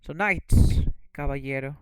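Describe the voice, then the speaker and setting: A man's voice: on the high side, a little slow, heavy background noise. A man whose first language is Spanish, teaching English vocabulary and often checking in with "okay?". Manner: repeats words, checks in with "okay?". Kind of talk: bilingual lesson explanation.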